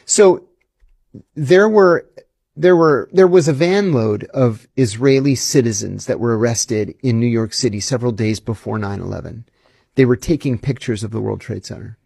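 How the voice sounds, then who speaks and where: A man's voice: medium pitch, moderate pace, vocal fry, dark tone, breathy edge, no room sound, studio quality. A man, a former intelligence officer, giving emphatic, indignant answers in an interview. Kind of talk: interview storytelling.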